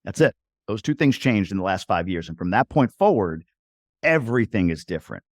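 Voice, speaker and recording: Emphatic man in his forties, low voice. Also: very animated, a little fast, no room sound, clean studio sound. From New York. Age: 40s. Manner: emphatic, acts out voices of other people in quotes. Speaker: podcast guest. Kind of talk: casual interview conversation.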